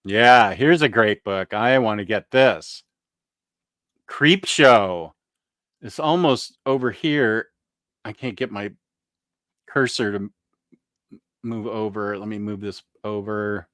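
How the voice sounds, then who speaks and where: Chatty man with a smooth, dry voice. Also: on the low side, slow, pauses often, fairly bright tone, dry recording. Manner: chatty, jokey, thinking aloud while browsing. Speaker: comic book show host. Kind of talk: casual live-stream chat.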